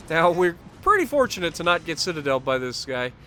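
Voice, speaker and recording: A man giving casual commentary over his own gameplay footage, upbeat and quick to chuckle. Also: a little high, sing-song, pushed and bright, slight background noise. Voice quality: chuckles often, upbeat and talkative. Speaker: gaming commentator.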